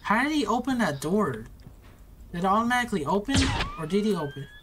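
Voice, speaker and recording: A woman gamer talks her way through a scary game, nervous and begging in casual slang. Her voice jumps up and down, and the recording carries a clear layer of background noise. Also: medium pitch, big pitch swings, a little fast. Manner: nervous, pleading, slangy running talk. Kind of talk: horror game commentary. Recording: noisy recording.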